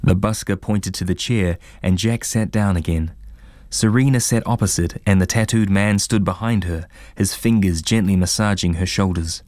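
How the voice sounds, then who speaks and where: Male audiobook narrator, very low voice, dry close sound, measured reading. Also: a little mellow, no echo.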